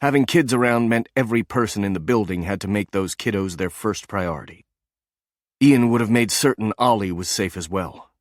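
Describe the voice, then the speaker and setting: Low-voiced guy reading an audiobook, steady and even, dry close mic. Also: normal speed, no room sound. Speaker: audiobook narrator. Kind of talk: scripted audiobook narration.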